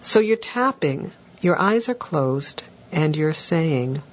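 A woman's voice: low-pitched, expressive, takes it slowly, hardly any pauses, highs cut off. A woman therapist patiently teaching a tapping technique, walking through examples step by step. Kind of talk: instructional talk.

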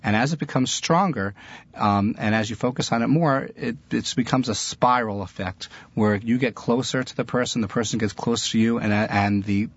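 Low-voiced middle-aged man teaching earnestly. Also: fairly even intonation, normal speed, few pauses, husky. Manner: earnest, storytelling, warm laughter in his voice. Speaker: religious teacher. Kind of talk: Jewish religious talk. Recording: dull, lo-fi, dry recording.

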